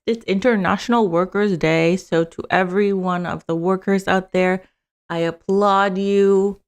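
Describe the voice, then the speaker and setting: A woman's voice: on the low side, fairly even intonation, a little slow, clean tone. A young woman hosting her own political live stream, chatting loosely with lots of fillers and casual swearing.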